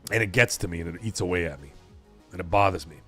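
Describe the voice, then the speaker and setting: A middle-aged man hosting a gaming live stream, talking casually in a profane, animated rant. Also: sits low, quick pace, breathy edge, soft background music. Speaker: gaming channel host.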